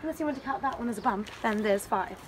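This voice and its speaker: A woman's voice: a little high, fast talker, a crowd in the background. A woman, a friend of the vlogger, bantering playfully and giggling outdoors by a garden. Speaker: friend and guest on the vlog. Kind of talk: casual chat.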